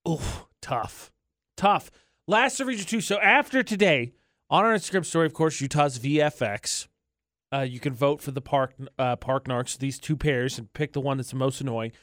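A man's voice: medium pitch, a bit bright, no room sound, clean studio sound. A man co-hosting a radio show, bantering playfully and arguing his points in casual chat. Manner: playful, argumentative, quick shifts in emphasis. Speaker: radio co-host. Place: radio studio. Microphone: close studio mic.

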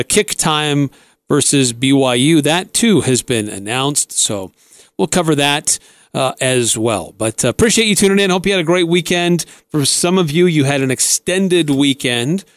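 A man's voice: on the high side, no echo, studio quality. A male sports radio host talking casually and unhurriedly, with many filler words.

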